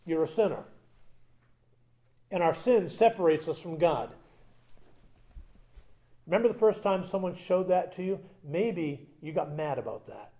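A man preaching a sermon, moving between loud emphatic points and quiet conversational asides with humorous stories. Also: on the high side, expressive, measured pace, long pauses. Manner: conversational, tells humorous anecdotes. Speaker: pastor.

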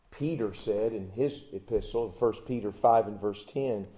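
A male pastor preaching a sermon, telling folksy stories and swinging between loud emphasis and hushed asides. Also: lowish voice, takes it slowly. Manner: folksy storytelling with restarts.

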